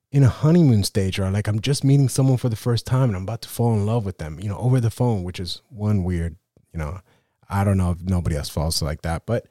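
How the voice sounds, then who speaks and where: A man's voice: fairly low pitch, mellow, no echo, clean studio sound. A man hosting his own photography podcast, talking in a rambling, self-deprecating way with many fillers and restarts. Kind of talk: casual solo podcast monologue.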